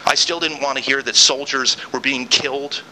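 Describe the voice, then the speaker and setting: A man's voice: medium pitch, steady tone, normal speed, pushed and bright, a little hiss or hum, low-quality recording. A man hosting a podcast, delivering an angry solo political rant with sarcastic mock quotes. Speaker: podcast host.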